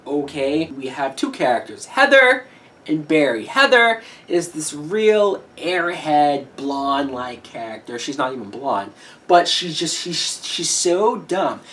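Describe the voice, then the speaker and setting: Woman, deep voice, film review rant, profane, heated, mic a bit distant. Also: big pitch swings, slow. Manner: profane, heated ranting with sudden shouted peaks. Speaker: movie reviewer.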